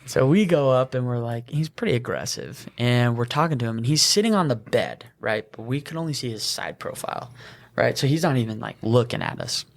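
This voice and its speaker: A young man co-hosting a podcast, telling an animated work story and laughing as he goes. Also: medium pitch, brisk, creaky. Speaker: EMT podcast co-host. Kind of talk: casual storytelling chat.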